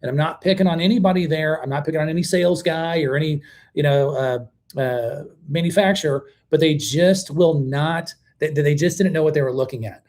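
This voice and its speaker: Man, casual live stream host, blunt and animated, lots of fillers, fairly high voice. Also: brisk. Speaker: host of a mobile home channel.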